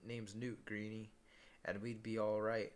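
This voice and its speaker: A man's voice: fairly low pitch, level tone, unhurried, natural voice. A man voicing a friendly, easygoing teenage boy, read aloud from a storybook.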